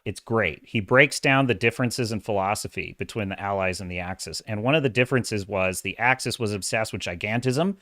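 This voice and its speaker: Male livestream host, middle-aged, dramatic and lively delivery, dry close-miked sound. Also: on the low side, fairly quick, few pauses, no echo. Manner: animated, self-described dramatic, reads chat comments. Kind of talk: casual livestream commentary.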